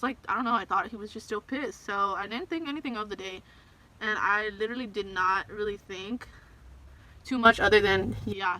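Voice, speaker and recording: A woman's voice: medium pitch, bright, forceful tone, low-quality recording. A young woman doing her makeup while telling a story, talking casually and expressively with lots of slang and swearing and the odd Spanish phrase. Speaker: beauty vlogger. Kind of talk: get-ready-with-me storytime.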